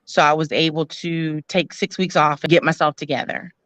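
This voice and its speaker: Bright-voiced woman telling her story. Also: low-pitched, steady tone, no echo. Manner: earnest, frank, many "um" pauses. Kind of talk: candid personal storytelling.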